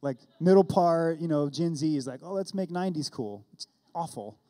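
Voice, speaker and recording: A man's voice: on the high side, moderate pace, warm tone. A man in his thirties preaching a sermon as a pastor, telling a personal story and acting out the dialogue. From California. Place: church.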